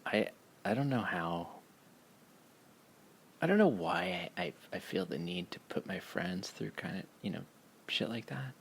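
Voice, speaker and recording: A man telling a casual, profane story, laughing as he goes in an animated way. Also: low-pitched, unhurried, gravelly, pauses often, slight background noise.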